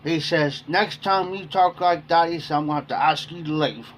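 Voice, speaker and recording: A man's voice: fairly high pitch, normal speed, slight background noise. Rambling male livestreamer telling a story. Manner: rambling, repeats "I said" while retelling. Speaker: livestream host. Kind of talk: casual storytelling to chat.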